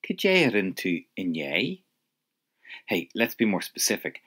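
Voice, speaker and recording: A man's voice: fairly low pitch, huge pitch swings, unhurried, a bit bright. A man teaching an audio language lesson, patiently prompting the listener to answer.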